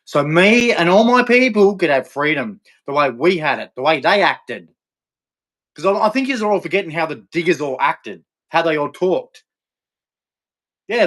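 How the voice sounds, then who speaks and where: With a slightly high, bright, expressive voice at a moderate pace, a middle-aged Australian man vents furiously to camera as a vlogger. His rant is profane, hostile, and repetitive.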